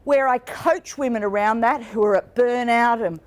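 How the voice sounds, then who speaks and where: A middle-aged woman coaches a room full of listeners from the stage, speaking through a microphone. Her voice sits a touch high for a woman, and she keeps it lively and playful, dropping into quick mock voices of the people she describes. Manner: lively, playful, mimics people in quoted asides. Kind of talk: live seminar talk with slides. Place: conference room with an audience.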